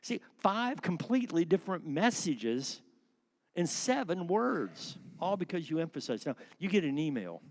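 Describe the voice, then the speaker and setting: Animated man leading a church class. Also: on the high side, moderate pace. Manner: animated, asks the class questions, shifts word stress for effect. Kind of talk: interactive church class lecture.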